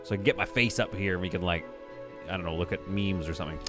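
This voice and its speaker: A man with a low voice streams a game and rambles casually, full of fillers and restarts. Faint music plays behind him. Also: fast. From Canada. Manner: rambling, self-amused, many fillers and restarts. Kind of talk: casual live-stream chat.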